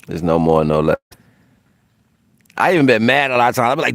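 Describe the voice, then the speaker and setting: A man's voice: medium pitch, expressive, fast talker, gravelly, a bit bright, no room sound, clean studio sound. A man hosting a spiritual livestream in a brash, profane, casual way, laughing often.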